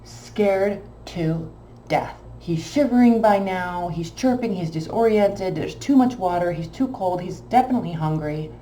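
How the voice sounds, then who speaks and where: A woman's voice: on the low side, a little slow. A woman telling a long personal story in a casual, emotional, rambling way. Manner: animated, emotional, rambling anecdote. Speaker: tarot reader. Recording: echoey room with faint background hum.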